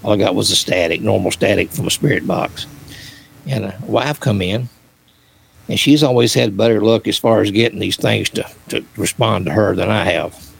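A man's voice: lowish voice, normal speed, gravelly, slightly rough, rough recording. An older man, a paranormal researcher, rambling through personal stories with many fillers and restarts. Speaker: guest, author and paranormal researcher. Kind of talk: casual storytelling.

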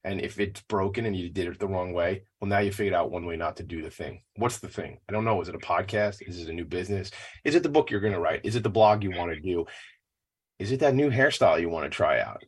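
A man's voice: low voice, animated, fast, slightly rough. A man, hosting a nonprofit podcast in a hyped, rambling, motivational monologue. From Long Island, New York. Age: 40s. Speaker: podcast host. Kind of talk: casual monologue.

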